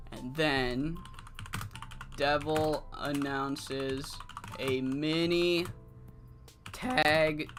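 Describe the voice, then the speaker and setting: This is a relaxed game streamer talking through a wrestling management sim at an unhurried pace, voice sitting in a middle register. The talk wanders, with casual swearing and sudden excited rants about the game. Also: medium pitch. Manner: rambling, swears freely, bursts into excited rants. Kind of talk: casual gameplay commentary.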